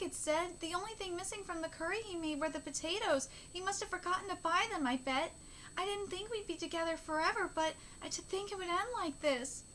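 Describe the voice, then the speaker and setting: A woman voicing a kind, grieving middle-aged mother who works as a nurse, reading softly in a subdued voice. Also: extremely high pitch, slight background noise, voice pushed up.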